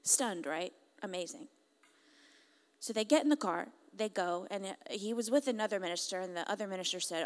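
A woman retelling a moving story as testimony, in an emotive, halting way with frequent restarts. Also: mid-range voice. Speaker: speaker. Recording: long hall reverb.

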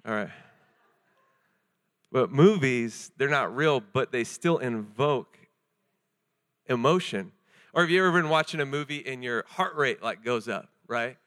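Joking, animated young male preacher. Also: medium pitch, measured pace, pauses often. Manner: casual, joking and animated, many fillers. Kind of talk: sermon.

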